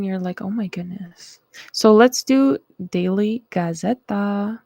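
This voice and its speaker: A woman with a gravelly, fry-laced voice talks slowly and loosely on her live stream, trailing off into fillers and restarts. The sound is dry and close, with no room around her. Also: medium pitch, dark tone, no room sound. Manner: frustrated, rambling, many fillers. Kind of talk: casual live stream chat.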